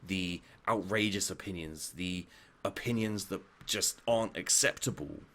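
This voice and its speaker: A man's voice: low-pitched, unhurried, fairly bright tone. A man ranting bluntly about his opinions, swearing often and restarting his sentences. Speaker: vlogger. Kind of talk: heated opinion rant.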